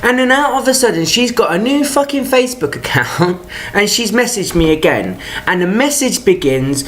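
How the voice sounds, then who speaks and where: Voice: mid-range voice, big pitch swings, moderate pace. Vlogger going off on a rant, lots of swearing, choppy restarts, faint hum of the room behind. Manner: profane, exasperated storytelling; talks in stop-start bursts with restarts. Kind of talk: ranting personal vlog.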